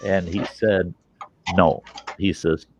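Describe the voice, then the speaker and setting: A man casually telling a story in a profane, animated way and acting out the people in it. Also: deep voice, slow pace, slight background noise.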